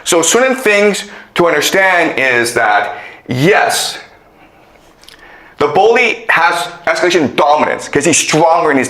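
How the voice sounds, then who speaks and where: Guy lecturing a class, tells it like a story, keeps saying okay?, fairly high voice, echoey room. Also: a bit bright. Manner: storytelling, checks in with "okay?" often; acts out quoted kids in higher voices.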